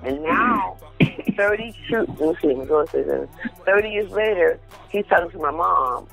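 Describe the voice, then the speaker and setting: A woman's voice: lowish voice, expressive, moderate pace, gravelly, a bit bright, faint music behind, poor audio. A woman from Compton, emphatic and direct, telling her story in a casual chat. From Compton, Los Angeles. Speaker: guest.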